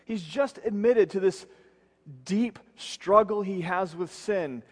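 A man preaching a sermon as pastor, earnest, slowing and dropping his voice low to stress key words. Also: big-room sound. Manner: earnest, slows and drops low for emphasis.

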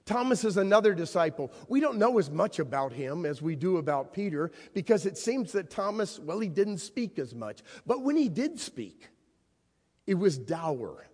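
A man delivers a sermon in a church, acting out each scene with dramatic storytelling. His voice sits high and swings widely up and down. The sound carries a long hall reverb. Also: big pitch swings, normal speed, a little mellow. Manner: dramatic storytelling, voicing the figures he quotes. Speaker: preacher.

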